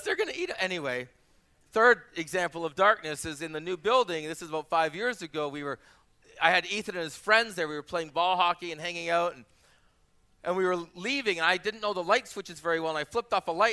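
A man's voice: high voice, a little fast, smooth. A man in his forties, a pastor preaching a sermon, telling personal stories and repeating phrases for emphasis. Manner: animated storyteller, acts out quoted voices.

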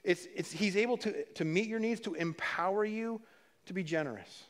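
Male pastor, slightly higher voice, chatty preaching with restarts and dry humor. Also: moderate pace. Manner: conversational preaching with repeated words and restarts. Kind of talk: sermon.

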